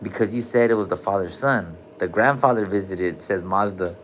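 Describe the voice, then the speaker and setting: A man's voice: deep voice, normal speed, slight background noise. A man hosting a casual livestream from a hospital room, joking loosely in heavy slang and calling out viewers' names. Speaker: livestream host.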